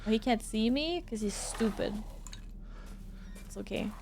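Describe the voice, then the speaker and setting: A woman's voice: on the high side, expressive, measured pace, gravelly, a little mellow, slight background noise. A woman, streaming a horror game live, swearing and exclaiming at the game and chatting with her viewers. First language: Swedish. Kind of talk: live gameplay commentary.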